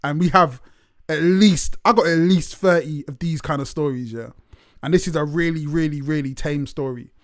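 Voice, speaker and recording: A man's voice: a little high, moderate pace, dry recording, clean studio sound. Laid-back chatty man. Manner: chatty, laughs easily, swears freely. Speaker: podcast co-host. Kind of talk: casual chat.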